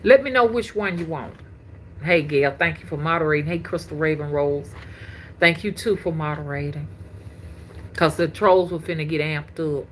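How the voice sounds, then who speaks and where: A woman's voice: low-pitched, moderate pace, a little hiss or hum. A woman, hosting a casual livestream as a spiritual reader and chatting with viewers. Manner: chatty, laughs often, slangy and animated.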